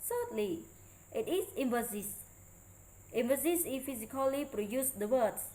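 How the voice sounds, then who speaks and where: A woman's voice: a little high, darkish tone, a little hiss or hum, rough recording. Woman reading a presentation aloud carefully. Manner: careful, halting read-aloud delivery with non-native grammar. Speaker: student presenter. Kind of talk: read presentation lecture.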